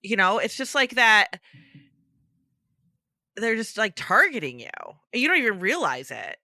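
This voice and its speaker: A woman co-hosting a casual podcast, chiming in with lively agreement. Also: a little high, unhurried, no echo, clean studio sound. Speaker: podcast co-host.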